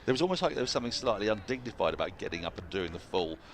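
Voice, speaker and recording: Deep guy commentating cricket, lots of ups and downs, noisy background. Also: rapid-fire. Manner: chatty, laughs easily, animated. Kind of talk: radio-style cricket commentary.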